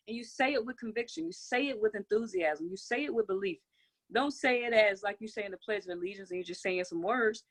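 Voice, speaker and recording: A woman hosts a motivational conference call, her voice pitched at an everyday middle height. She drives her points home with energetic repetition and preacher-like call-and-response, speaking into a phone or computer mic. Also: a little fast. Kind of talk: motivational group call talk.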